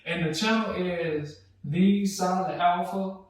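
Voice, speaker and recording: A man co-hosting a casual podcast chat, laid-back and quick to agree. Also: high voice. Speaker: podcast co-host. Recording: echoey room, mic at a distance.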